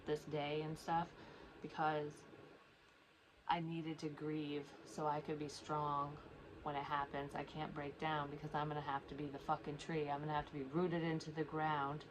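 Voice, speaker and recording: A woman's voice: deep voice, noisy background. A woman, a psychic medium, talking to her viewers in a rambling, blunt, heavily profane casual monologue, sometimes close to tears. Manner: emotional, near tears at times.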